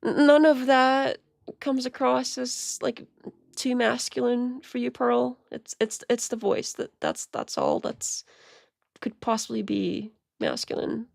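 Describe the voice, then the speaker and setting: A woman chats through video clips in a casual streaming commentary, restarting her sentences and laughing often. Her voice is slightly high with a gravelly fry. The sound is dry and close to the mic. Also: sing-song, a little slow, a little mellow, dry recording. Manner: rambling, many restarts and laughs.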